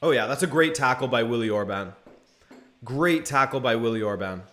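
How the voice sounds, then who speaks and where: A man's voice: medium pitch, moderate pace. Young man, casual live stream commentary, play-by-play, chatty replies to viewers. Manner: relaxed play-by-play mixed with chat replies.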